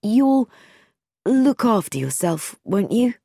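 A woman reading a storybook, voicing an anxious, caring young man in a slightly lower, earnest tone. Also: moderate pace, dark tone, dry recording, studio quality, natural voice.

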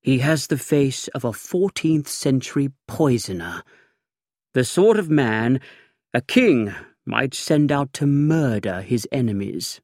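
A man narrating an audiobook in the first person, with a languid, dry, measured reading. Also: mid-range voice, expressive, a little mellow, dry recording. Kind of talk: scripted narration.

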